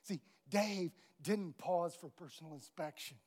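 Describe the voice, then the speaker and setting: High-voiced preaching man. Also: a little slow. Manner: animated storytelling, acting out characters with big swings of volume. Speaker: pastor. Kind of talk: sermon.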